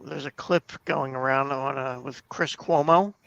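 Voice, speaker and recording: Gravelly, bright-voiced podcast host man. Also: medium pitch, steady tone, a little slow, no room sound, lo-fi sound. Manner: swearing, plays clips. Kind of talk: casual chat.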